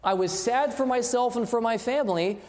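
A man's voice: extremely high pitch, normal speed, a little mellow. A man in his thirties preaching a sermon, telling a story with quoted dialogue and putting questions to the congregation. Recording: long hall reverb.

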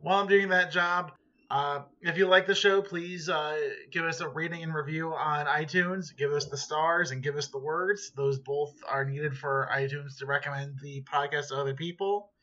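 A man's voice: fairly high pitch, steady tone, normal speed, bright, forceful tone, dull audio. A man cohosting a podcast in casual chat, joking and rambling and swearing now and then. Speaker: podcast co-host.

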